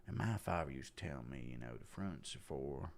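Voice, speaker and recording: A man doing a laid-back movie star with a put-on Texas drawl, low, slow and breathy. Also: expressive. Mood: laid-back musing.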